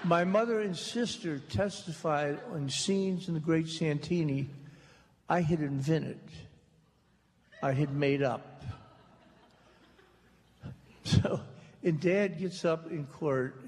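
An American man tells dry, funny family stories to a live audience and acts out the voices in them. His voice is gravelly and pitched a touch high, and he takes his time. The archival recording carries the long reverb of a large hall. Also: slow, long pauses, a little mellow. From United States. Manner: wry, dry storyteller, acts out quotes. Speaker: author telling stories on stage. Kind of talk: humorous anecdotal storytelling to a live audience.

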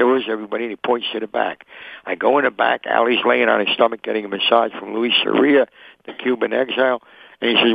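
A man's voice: on the low side, vocal fry, dry recording. An older man, a sportswriter guest, telling vivid anecdotes on an interview show and acting out the quotes. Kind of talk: interview storytelling. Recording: tinny phone line.

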